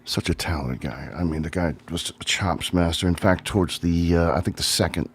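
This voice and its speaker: A man's voice: low voice, normal speed, slight background noise. A middle-aged man, a drummer, casually thinking aloud about his old band on a livestream, with lots of ums. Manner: rambling, reminiscent, thinks aloud with many ums. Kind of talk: casual solo livestream talk.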